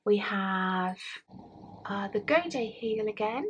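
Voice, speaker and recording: An English woman hosting a knitting podcast, chatting casually to a camera at home and often trailing off into soft near-whispers. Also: mid-range voice, lively intonation, slow, slight background noise. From England. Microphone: camera mic.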